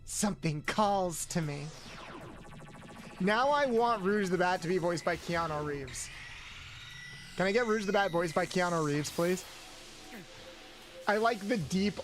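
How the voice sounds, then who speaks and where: A man's voice: high voice, lively intonation, measured pace, pauses often, a bit bright. A man streaming a video game, chatting playfully with his viewers in a loose, rambling way. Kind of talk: casual gameplay commentary. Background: faint game music.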